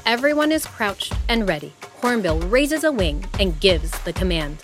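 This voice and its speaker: A woman narrating a scripted children's story in an expressive, animated way. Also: medium pitch, normal speed. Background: music.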